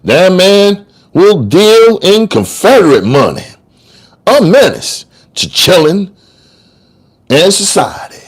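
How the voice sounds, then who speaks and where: A man's voice: on the high side, huge pitch swings, unhurried, long pauses, exaggerated voice. A man voicing a street-smart male trial lawyer who argues in slangy, sing-song courtroom oratory. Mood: accusing. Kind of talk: dramatic audiobook reading.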